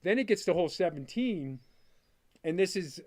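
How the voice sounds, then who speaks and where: Animated, slightly high-voiced middle-aged man. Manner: animated, quick storyteller, full of "like" fillers, acts out his own past lines. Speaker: guest, father of a disc golf player. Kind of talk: casual storytelling in an interview.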